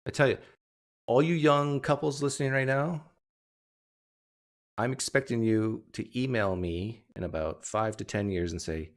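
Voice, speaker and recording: A man hosting a livestream, chatting casually with viewers and cracking rambling jokes. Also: mid-range voice. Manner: joking, rambling, quick asides. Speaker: livestream host.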